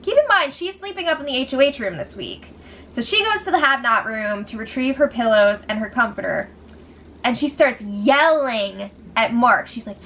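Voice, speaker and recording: A woman with a high, slightly bright voice recaps a reality show casually, speaking at normal speed with lively intonation. She's sarcastic, laughs a lot, and mocks the people she quotes, with faint noise under her voice.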